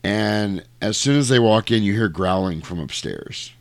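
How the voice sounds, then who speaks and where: A man's voice: on the low side, vocal fry, no room sound. A man in casual podcast chat, retelling a horror movie scene by scene and acting out the characters' lines. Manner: animated storyteller acting out lines in quick voices.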